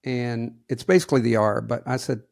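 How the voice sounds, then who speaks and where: A man with a Southern US accent talks in a folksy, plainspoken way as a podcast co-host. His voice has a gravelly edge. He is recorded close and dry. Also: medium pitch, steady tone, brisk, a little mellow, no echo. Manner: folksy, plainspoken, preachy asides to leaders. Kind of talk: casual podcast talk.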